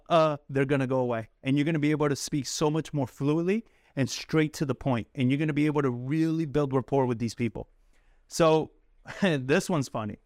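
A man coaching cold callers in a casual, talkative way who laughs often and acts out calls in a soft apologetic voice. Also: fairly high pitch, dry recording, studio quality. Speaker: sales coach. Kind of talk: coaching talk to camera.

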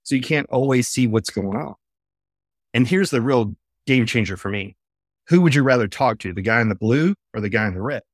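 Male podcast guest, eager storyteller, middle pitch, dry sound, video call. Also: brisk, dry recording. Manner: animated storyteller, eager and explanatory. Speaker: podcast guest, face-reading trainer. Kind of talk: casual interview chat. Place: home office with a bookshelf.

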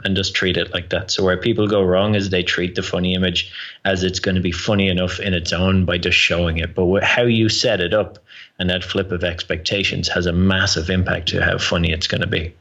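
A man's voice: low voice, muffled recording. An Irish man, a guest on a podcast interview, energetically explaining advice on public speaking. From Ireland. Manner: energetic, explanatory, drops into quoted voices.

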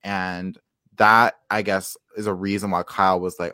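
A man's voice: low voice, flat delivery, normal speed, bright, forceful tone, no echo, clean studio sound. A man co-hosting a casual recap chat, hedging often with "like" and "I guess". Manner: hedging, many fillers like "like" and "I guess". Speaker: podcast co-host.

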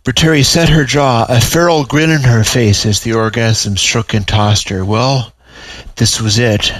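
A man reading aloud his own story in a measured, even storytelling manner. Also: medium pitch, dry recording, poor audio.

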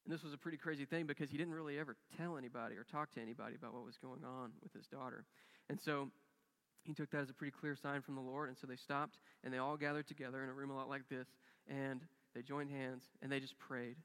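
A man's voice: mid-range voice, steady tone, quick pace, a bit bright, big-room sound. A man preaching a sermon as a pastor, telling a story earnestly and acting out the quoted dialogue with rising and falling intensity. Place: church sanctuary.

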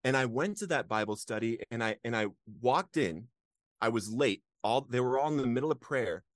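An interview guest tells a personal story in a medium-pitched voice at a moderate pace, recorded with studio quality and no room sound. He's earnest and emotional, laughs often, and gets animated reliving key moments.

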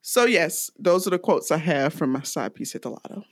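A woman's voice: sits low, fairly quick, dry recording, studio quality. A woman, co-hosting a podcast and telling funny movie moments with lots of laughter. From American South. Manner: giggly, animated storytelling. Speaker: podcast co-host. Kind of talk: casual chat.

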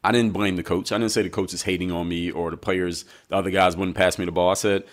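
Brief: male guest with a very low voice, a measured and reflective storyteller in an interview. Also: fairly even intonation. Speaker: guest, basketball coach.

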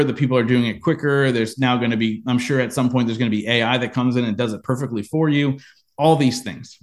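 A man in a podcast interview, telling a personal business story with lively acted-out quotes. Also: medium pitch. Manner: animated storyteller, acts out quoted lines. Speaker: podcast guest, entrepreneur.

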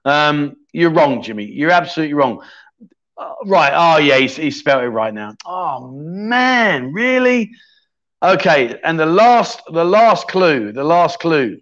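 A man's voice: a little high, sing-song, a little slow, fairly bright tone, highs cut off. Cheeky man hosting a livestream. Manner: cheeky banter with viewers in chat. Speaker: livestream chat show host. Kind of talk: casual livestream chat, running a quiz.

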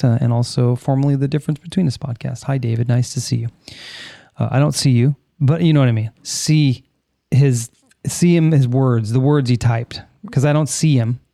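A man's voice: mid-range voice, creaky, mellow, no echo, clean studio sound. A man co-hosting a casual podcast, joking and reading out listener comments. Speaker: podcast co-host.

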